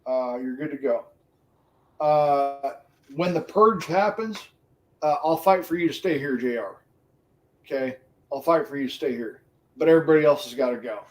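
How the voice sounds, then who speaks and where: A middle-aged man riffing on a livestream with a voice a touch higher than most. He talks casually and profanely, gets animated and laughs often. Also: normal speed, pauses often. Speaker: livestream co-host. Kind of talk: casual stream chat.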